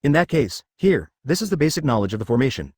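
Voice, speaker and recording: A man voicing a gentle, doting immortal emperor who talks to his wife and daughter with a smile, recorded close and dry. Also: mid-range voice, big pitch swings, fast, breathy edge, no echo. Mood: gently reassuring. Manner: smiling, reassuring.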